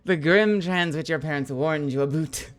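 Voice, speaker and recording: Woman streamer, slightly low voice, chatty and excitable, casual swearing, laughs a lot while signing. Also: normal speed. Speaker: voice actor streaming an autograph signing.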